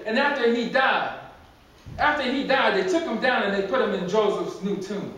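High-voiced preacher in an echoey church. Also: male voice, normal speed, fairly bright tone. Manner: emphatic storytelling with repetitions. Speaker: pastor. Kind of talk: sermon. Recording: very echoey church, distant mic.

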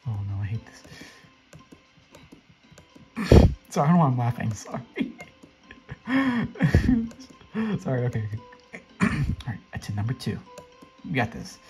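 A woman giving casual, excitable commentary while playing a game, talking to other players and squealing when she jumps. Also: extremely low pitch, quick pace, over music. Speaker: gaming channel host.

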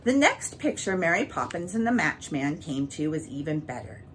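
A woman reading a children's book aloud, with an expressive, varied delivery. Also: sits low, moderate pace, a little hiss or hum, low-quality recording. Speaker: storyteller.

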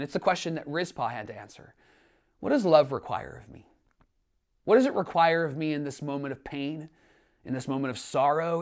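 Earnest male pastor preaching. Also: a little high. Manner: earnest, swings between emphatic and hushed. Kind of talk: sermon. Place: church online service.

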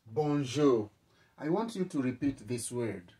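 Male language teacher, slow deliberate repetition, a little distant from the mic. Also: medium pitch, expressive, mellow. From East Africa. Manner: slow, repeats words for learners to echo. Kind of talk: spoken language lesson.

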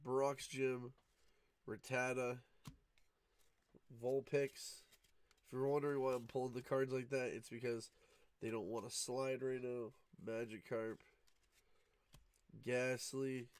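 Sleepy low-key man opening card packs. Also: slow, pauses often, clean tone. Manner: sleepy, low-key and monotone, just woke up. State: groggy from just waking up. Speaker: card-opening channel host. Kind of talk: casual pack-opening commentary. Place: home room at night, cat nearby.

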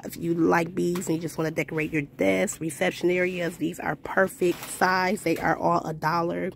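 Woman vlogger, enthusiastic repeater, lowish voice with some fry, shot on a phone in a store aisle. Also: a little hiss or hum. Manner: gushing, upbeat, repeats "love, love, love". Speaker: shopping vlogger. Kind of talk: casual store haul walkthrough. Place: inside a discount store.

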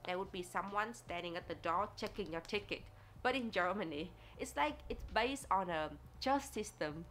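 A woman from Vietnam, talking in a casual, expressive way for a vlog, with grammar and frequent laughs. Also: medium pitch, moderate pace, slight background noise. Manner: chatty and expressive, laughs often, non-native English grammar. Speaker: vlogger.

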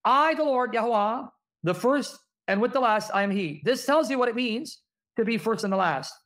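A man's voice: very high-pitched, lively intonation, normal speed, a bit bright. A man teaching Christian apologetics, reading verses aloud and pressing the audience with rhetorical questions.

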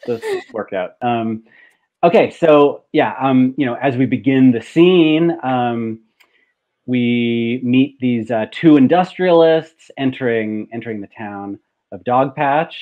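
A man's voice: mid-range voice, expressive, slow pace. A man speaking as a show guest in casual discussion, hesitant and full of restarts, over a video call. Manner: hesitant, many ums and restarts. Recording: tinny phone-like video call.

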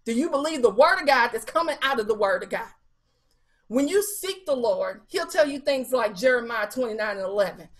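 Preaching a little fast in a fairly high-pitched voice, a woman evangelist addresses a Bible study. Her sermon is animated, built on scripture quotations and rhetorical questions, and delivered in an easygoing, colloquial style with fillers.

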